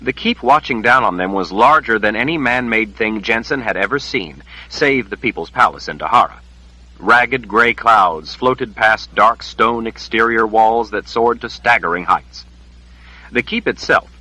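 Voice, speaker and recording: A man reading a fantasy novel aloud as an audiobook narrator, in a measured, even storytelling delivery. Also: fairly low pitch, no echo, rough recording.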